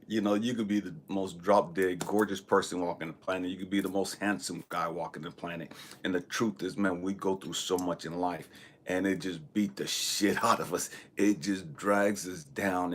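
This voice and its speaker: A nervous man hosting a casual motivational live stream on his phone, repeating himself and often saying "man" and "you know what I mean". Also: sits low.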